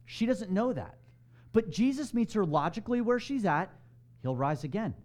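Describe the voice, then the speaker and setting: A man's voice: sits high, expressive, normal speed, darkish tone. A man preaching a sermon in a conversational way, asking his congregation questions. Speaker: pastor.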